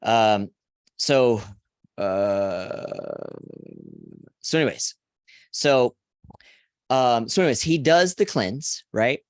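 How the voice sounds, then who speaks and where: A man's voice: extremely slow, pauses often, clear, resonant tone, no room sound, clean studio sound. A man in his forties hosting a live stream, telling rambling, profane stories and tagging most sentences with "right?". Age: 40s. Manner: profane, keeps asking "right?" after each point; animated storyteller, voice jumps high when quoting friends.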